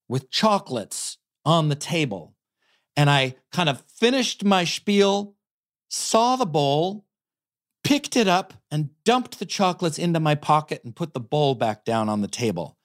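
A man co-hosting a podcast who is an actor himself, telling an anecdote with animated, self-amused energy. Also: fairly high pitch, a little slow. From United States. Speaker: co-host, actor. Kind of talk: casual podcast chat, storytelling.

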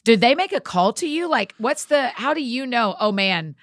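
A woman's voice: on the high side, expressive, normal speed, a bit bright, no room sound. A woman podcast host chatting casually and reading ads in an upbeat, enthusiastic way in a studio. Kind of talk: casual chat and read ads.

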